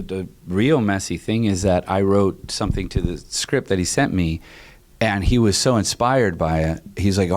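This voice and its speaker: Male film composer, lower voice, animated raconteur who acts out quotes. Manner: lively storyteller who acts out quoted dialogue; frequent restarts and fillers. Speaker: film composer, podcast guest. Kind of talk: casual storytelling conversation.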